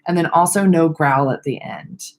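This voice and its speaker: A young woman teaching vocal exercises in a casual online webinar, relaxed and self-deprecating, with a little vocal fry at the ends of her sentences. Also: low-pitched, normal speed. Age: young adult. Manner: friendly, loose, laughs at herself, demonstrates vocal exercises. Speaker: speech therapist.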